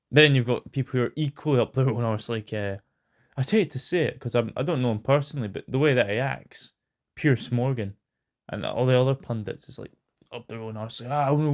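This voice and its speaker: A man's voice: mid-range voice, a little mellow. A British man hosting a casual news rant. He rambles, swears a lot and fills his talk with ums and hesitations. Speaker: host.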